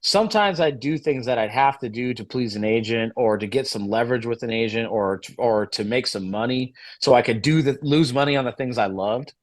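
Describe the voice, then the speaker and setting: Man, about forty, mid-pitched; a salty, lively storyteller as an interview guest. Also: a little fast, few pauses. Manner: profane, animated storyteller, acts out quoted dialogue. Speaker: guest musician and promoter.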